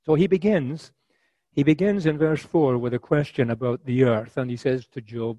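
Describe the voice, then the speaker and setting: Man preaching with a mellow voice. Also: medium pitch, dry recording, low-quality recording. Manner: measured, conversational preaching with frequent fillers and restarts. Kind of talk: sermon.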